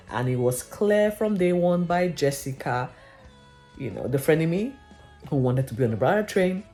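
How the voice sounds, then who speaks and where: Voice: medium pitch, lively intonation, normal speed, warm tone, faint music behind. A vlogger giving a chatty, gossipy recap of a reality TV episode, who keeps saying "literally".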